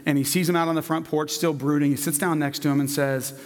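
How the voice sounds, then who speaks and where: A man preaching, telling a children's story in a gentle, narrative manner. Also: a little high, fairly even intonation, quick pace, big-room sound. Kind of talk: sermon storytelling.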